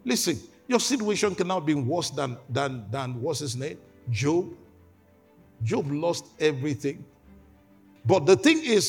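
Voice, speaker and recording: Husky emphatic male preacher. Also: a little high, big pitch swings, a little slow, a little mellow, faint music behind. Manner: emphatic, repeats words, calls for amens. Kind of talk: sermon.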